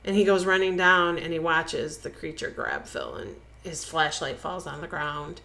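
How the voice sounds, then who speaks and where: Low-voiced woman retelling a plot. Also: normal speed, gravelly. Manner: animated retelling, acting out characters' lines. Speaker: podcast co-host. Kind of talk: casual chat retelling a film plot.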